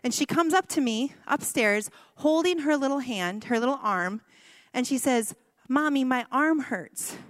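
A woman in her thirties tells a family story to a gathering, voicing the people in it and joking at her own expense. Her voice sits a little high, picked up close and dry but trailing a long hall reverb. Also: moderate pace. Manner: storytelling with self-deprecating humor and quoted dialogue. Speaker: speaker telling a personal story. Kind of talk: personal testimony talk.

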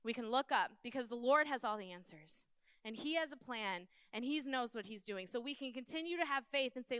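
A woman's voice: fairly high pitch, sing-song, a little fast, pushed and bright, smooth, no echo. A woman giving an earnest, conversational sermon, speaking directly to her listeners.

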